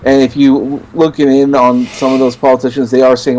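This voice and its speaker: A man from Canada co-hosting a podcast in casual chat, stumbling over restarts before quick bursts of talk. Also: medium pitch, level tone, darkish tone, low-quality recording. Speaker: podcast co-host.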